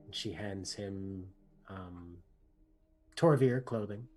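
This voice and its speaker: A man running a tabletop game, drawing out his descriptions at a slow, patient pace. His voice sits at an ordinary middle pitch, and he often restarts phrases and pads them with soft fillers as he builds the picture. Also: soft background music. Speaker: game master.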